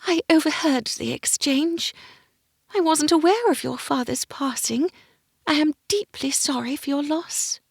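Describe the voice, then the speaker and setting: A woman voicing a kind, soft-spoken noble lady. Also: high-pitched, unhurried, creaky, no echo, clean studio sound, pitched above the performer's own voice. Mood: sympathetic.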